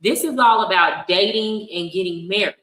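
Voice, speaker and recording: A woman hosts a livestream with a bright, forceful voice. She talks bluntly and frankly, laughing often as she reacts. The sound carries an echoey room around her. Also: medium pitch, normal speed. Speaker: livestream host. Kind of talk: casual reaction commentary. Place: home in Colombia.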